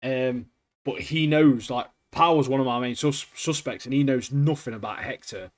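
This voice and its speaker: A young man talks loosely through a podcast chat, laughing often and dropping slang. His voice sits at an ordinary middle pitch. He sounds easygoing and excitable. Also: normal speed. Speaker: podcast co-host. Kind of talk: casual chat reviewing TV shows.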